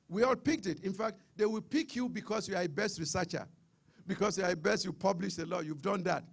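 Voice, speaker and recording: A middle-aged Nigerian man with a Nigerian accent, giving an emphatic public lecture and often repeating words. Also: sits high. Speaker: seminar speaker.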